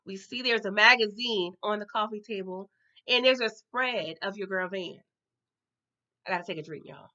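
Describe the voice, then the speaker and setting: A woman's voice: medium pitch, moderate pace, pushed and bright. A woman giving a casual TV episode recap, chatty and slangy, talking to her viewers as y'all and tagging her lines with okay. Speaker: TV recap vlogger. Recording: dull lo-fi sound.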